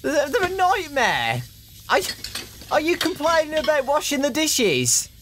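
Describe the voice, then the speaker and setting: A young man commentates his way through a horror game, his voice swinging widely in pitch as he mutters nervously to his viewers. He talks in an unhurried way, and a faint hiss sits under the recording. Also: huge pitch swings, a bit bright. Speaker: gaming YouTuber.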